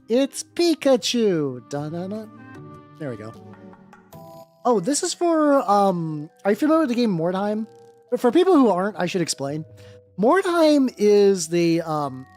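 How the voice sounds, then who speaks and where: Chatty woman streamer, lively voice. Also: on the low side. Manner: rambling, chats with viewers, casual swearing. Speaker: streamer painting miniatures. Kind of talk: casual livestream chat. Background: faint background music.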